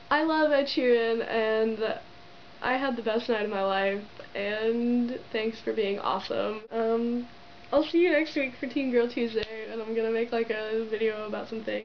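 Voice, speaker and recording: A young vlogger on the high side of the range excitedly tells a casual story to camera, giddy and giggly, gushing with plenty of "like" fillers. The lo-fi camera audio is dull, with a little hiss or hum.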